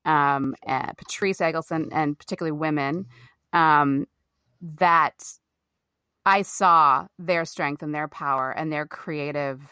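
A middle-aged woman from the Midwest, an actor telling candid stories in an interview, animated and emphatic, swearing freely. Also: low-pitched, slow, smooth, no room sound, clean studio sound. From American Midwest.

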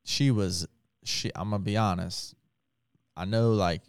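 A man's voice: fairly low pitch, fairly even intonation, measured pace, smooth, dry recording, clean studio sound. A man who is a pastor, talking casually and earnestly with lots of filler words. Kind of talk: casual podcast talk.

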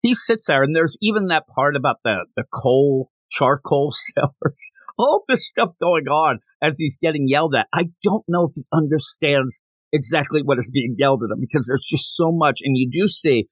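A man's voice: mid-range voice, normal speed, no room sound. Dry-sounding joking podcast man. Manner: animated, jokey, slips into character voices. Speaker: podcast co-host. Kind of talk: casual chat recapping a manga chapter.

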